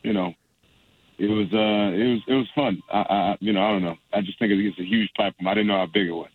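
On a dry phone line, a young comedian chats casually in an interview, his voice on the low side, slightly rough and fairly even in tone. He talks briskly and rambles, with lots of restarts and laughter, and there's no echo.

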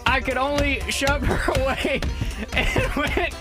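A man doing a high twangy hillbilly reader. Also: fairly even intonation. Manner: halting reading, stumbles and giggles. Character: hillbilly man reading a letter aloud. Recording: home podcast with loud music behind.

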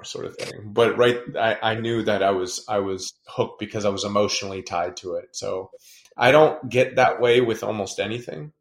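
A man, a baseball player guest, telling animated, self-deprecating stories in a casual interview. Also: fairly low pitch, normal speed. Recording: echoey room.

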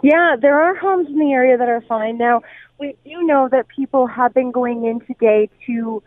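A woman news reporter on the scene, talking in a halting way, repeating words and restarting sentences over the phone. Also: sits high, no echo. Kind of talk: live phone interview. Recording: tinny dry phone line.

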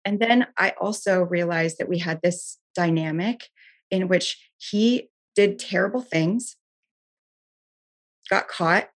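Guest, woman, lowish voice, earnest, candid, lots of "like". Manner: earnest, frequent filler "like", restarts. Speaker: interview guest. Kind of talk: candid personal storytelling.

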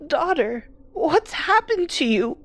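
A woman's voice: high-pitched, very animated, takes it slowly, a little mellow, slight background noise, voice pushed up, full character voice. A woman voicing a frail, confused old mother who trembles and pleads in a shaky voice, in a horror story. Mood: tender.

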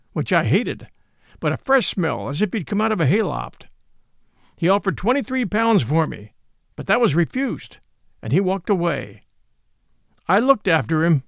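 With a gravelly, high-sitting voice, a man reads a classic novel aloud as a storybook, giving each character its own voice and reading with expression. It's recorded at studio quality, free of room sound.

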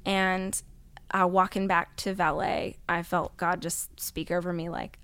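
A woman speaks as a guest in a studio interview, her voice smooth and resonant and set slightly low. She tells a personal story with open emotion and often drops to a hushed tone when she quotes someone. The sound is close and dry, with no room around it. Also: steady tone, slow pace, no room sound. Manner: heartfelt, drops to hushed tones when quoting others. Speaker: guest author.

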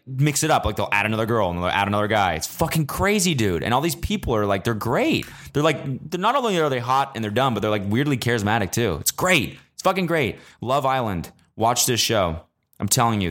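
A young man hosting a casual solo podcast, ranting with swearing and sudden high, exasperated outbursts. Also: fairly bright tone. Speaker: podcast host. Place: traveling abroad, recording while away.

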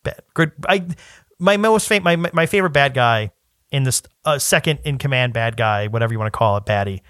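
A young man co-hosting a podcast, rambling and animated in casual chat. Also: mid-range voice, a little fast, no echo, clean studio sound. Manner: animated, rambling, laughs often. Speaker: podcast co-host.

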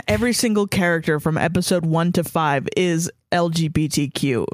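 A woman's voice: sits low, normal speed, dry recording. A woman co-hosting a podcast in casual chat, dry and sardonic, swearing casually. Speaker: podcast co-host.

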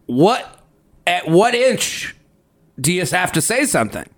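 Jokey male co-host, lively, swooping delivery, slightly high voice, casual podcast banter. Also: measured pace. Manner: joking, animated, laughs a lot.

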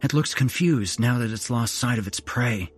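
A man voicing a calm, guarded young man who speaks in a hushed, clipped way. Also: medium pitch, moderate pace, husky, faint music behind, lightly acted. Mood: tense.

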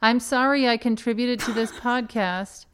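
A woman's voice: fairly high pitch, fairly even intonation, moderate pace, very noisy. A woman co-hosting a true crime podcast, chatting casually and defending her theories playfully. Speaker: podcast co-host. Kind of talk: casual chat.

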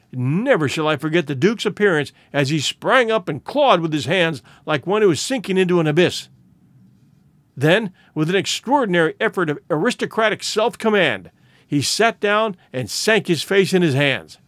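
Man reading a classic tale aloud, pretty high voice, lots of lilt, dry close sound. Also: expressive, moderate pace, a bit bright, dry recording. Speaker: narrator. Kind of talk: audiobook narration of a classic story.

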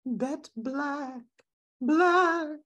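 Brief: tiny squeaky voice in someone's head, bossy and drawn out, high-pitched. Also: male voice, drawn-out words, pushed and bright, soft background music, exaggerated voice. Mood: commanding. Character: tiny squeaky inner voice giving orders.

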